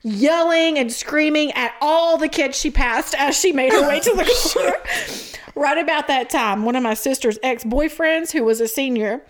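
A high-pitched woman, co-hosting a podcast. She tells stories casually and animatedly, laughing often and acting out what people said. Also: animated, measured pace. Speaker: podcast co-host. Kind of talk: casual storytelling chat.

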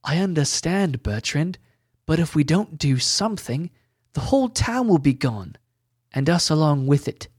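A man's voice: fairly high pitch, sing-song, normal speed, darkish tone, breathy edge, no room sound, studio quality, pitched above the performer's own voice. A man playing a humble, earnest elf hero. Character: modest, unsure male elf hero.

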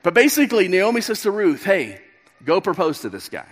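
High-voiced man preaching in a reverberant hall. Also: huge pitch swings, brisk, slight background noise. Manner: storytelling, acts out the characters' lines. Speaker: pastor. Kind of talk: sermon. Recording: long reverb of a large hall.

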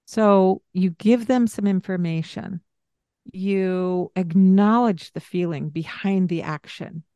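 A woman talking through parenting advice in an even, explanatory way. Her voice sits at a middle pitch and sounds close and dry, with no room around it. She now and then slips into a gentle parent voice to show what to say. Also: slow pace, dry recording. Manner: calm, explanatory, acts out gentle parent lines. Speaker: parenting podcast co-host. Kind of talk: conversational advice.

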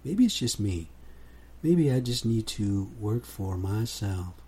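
A man's voice: on the low side, very animated, takes it slowly, warm tone, slightly rough. A man hosting his own podcast in a laid-back, casual monologue, often ending sentences with "man". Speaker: podcast host.

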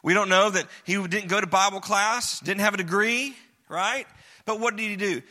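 A man's voice: sits high, normal speed, bright, forceful tone. A man preaching a sermon as pastor, talking in a conversational, joking way with emphatic repetition. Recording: long reverb of a hall.

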